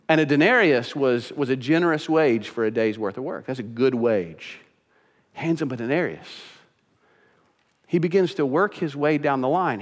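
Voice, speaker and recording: Animated pastor preaching in a reverberant hall. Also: male voice, medium pitch. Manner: acts out quoted voices, animated storytelling. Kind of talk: sermon.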